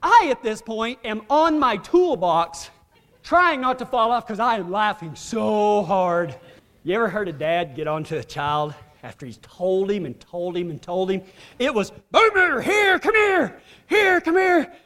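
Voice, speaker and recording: High-voiced preacher in a reverberant hall. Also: male voice, lively intonation, measured pace, fairly bright tone. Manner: humorous, drawling, laughs at own story. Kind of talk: folksy storytelling sermon. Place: church hall.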